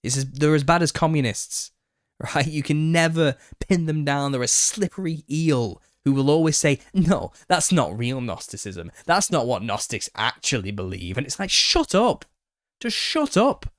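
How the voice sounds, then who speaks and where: A man hosting a live Q&A stream, opinionated and quick to get worked up, laughing as he rants. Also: mid-range voice, no echo, clean studio sound. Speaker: channel host. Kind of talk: live Q&A monologue.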